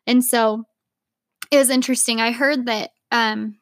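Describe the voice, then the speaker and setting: Chatty young woman with a higher voice. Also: steady tone, unhurried, no room sound, clean studio sound. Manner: chatty, lots of "like", laughs easily. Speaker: podcast co-host. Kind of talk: casual chat.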